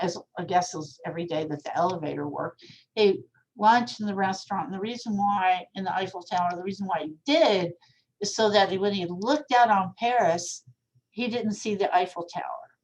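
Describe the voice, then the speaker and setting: A young woman talks through an art history lecture in a loose, conversational way. She drifts into small asides and plain fillers. Her pitch sits in an ordinary middle range. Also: highs cut off. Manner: casual, chatty, with fillers and asides. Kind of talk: recorded classroom lecture.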